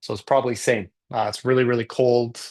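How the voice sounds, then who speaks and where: A man's voice: mid-range voice, level tone, fast talker, a little mellow. A Canadian man teaching English, chatting casually and joking with his viewers during a live class. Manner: chatty, joking, self-deprecating.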